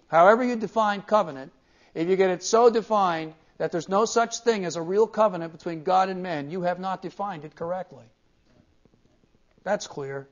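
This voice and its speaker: A male pastor teaching a class, emphatic and repeating key words to drive each point home. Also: high voice. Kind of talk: classroom theology lecture. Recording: dull lo-fi cassette tape.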